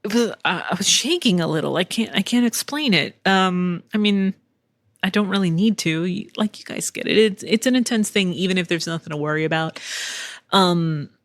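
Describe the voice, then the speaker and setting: A woman's voice: on the low side, moderate pace, no room sound. Woman podcast host, candid storyteller, frequent laughs, dry close sound. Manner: candid, chatty, laughs often, swears casually. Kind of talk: casual storytelling monologue. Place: home in Texas.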